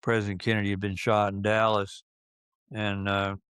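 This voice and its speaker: A man in his seventies, reminiscing in a casual interview and speaking slowly, with many fillers and restarts. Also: on the low side, monotone, a bit bright, clean tone, no room sound. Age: 70s. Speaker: interviewee recalling his youth.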